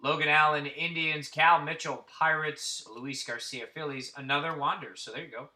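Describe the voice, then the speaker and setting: This roughly forty-year-old card-break host from Central Florida names baseball cards as they come and tells meandering, profane stories. His voice is fairly high, pushed and bright, with a steady tone and moderate pace.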